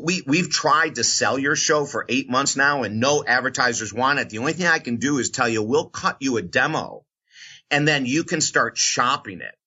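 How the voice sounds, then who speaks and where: A man's voice: medium pitch, bright, forceful tone, breathy edge, highs cut off. A man, a radio host and motivational speaker, telling a career story in an interview and acting out the voices of the people in it.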